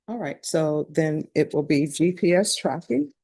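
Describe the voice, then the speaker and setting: Brisk woman judge, slightly low voice. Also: lively intonation, vocal fry, dark tone, slightly rough. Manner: brisk, direct and businesslike. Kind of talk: courtroom proceedings.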